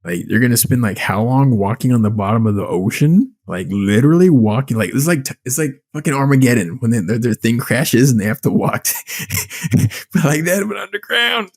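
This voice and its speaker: Animated, swearing podcast co-host man. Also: medium pitch, fairly quick. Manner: animated, swearing, incredulous storytelling. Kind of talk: casual movie review chat.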